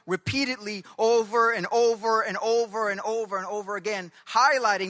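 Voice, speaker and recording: Bright-voiced preacher in a reverberant hall. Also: male voice, high-pitched. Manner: emphatic, drawn-out stresses, leads the congregation in call-and-response. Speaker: pastor. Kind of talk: sermon.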